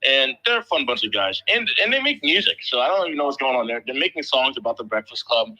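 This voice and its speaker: Male crypto show host, 30s, from the Philly area. Very bright, loose and profane. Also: medium pitch, quick pace, poor audio. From Philadelphia area. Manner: loose, profane, animated storytelling. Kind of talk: casual chat.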